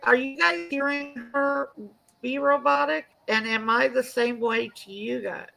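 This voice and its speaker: A woman's voice: high voice, steady tone, measured pace, vocal fry, pushed and bright, soft background music, low-quality recording. A woman co-hosting a casual chat over a video call, chiming in and trading remarks. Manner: conversational, chiming in. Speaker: co-host.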